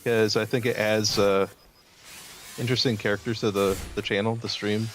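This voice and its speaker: A man's voice: on the low side, level tone, normal speed, a bit bright, slight background noise. A man hosting a livestream, chatting casually, often hesitant and chuckling as he talks. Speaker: livestream host. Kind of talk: casual stream chat.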